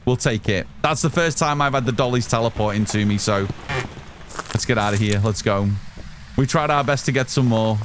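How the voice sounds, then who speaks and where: While playing a game, this loud and excitable man talks casually to his stream chat and curses without restraint. His pitch is medium, his speed normal, and there's slight background noise.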